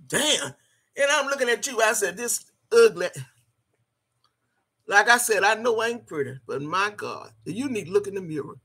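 An older woman ranting on camera in heated, scolding commentary, cursing freely and repeating her phrases for emphasis. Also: mid-range voice. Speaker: video blogger.

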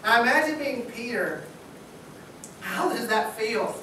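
Man preaching in a booming hall. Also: expressive, unhurried, bright, forceful tone, a little hiss or hum. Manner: casual, joking, talks like a buddy. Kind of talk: sermon. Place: church sanctuary. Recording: echoey church hall from far off.

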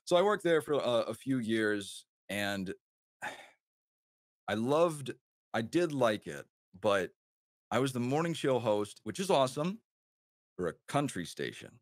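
A man's voice: medium pitch, big pitch swings, slow, long pauses, no room sound, studio quality. A man with a light Wisconsin accent, a guest on a casual podcast, telling stories in a rambling, self-deprecating way full of restarts. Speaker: podcast guest, former radio host. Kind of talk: casual chat.

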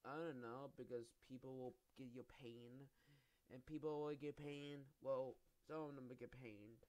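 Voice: medium pitch, fairly even intonation, moderate pace, a little mellow. A gamer casually commenting on play, rambling, swearing often and phrasing things clumsily, on a slightly muffled lo-fi recording.

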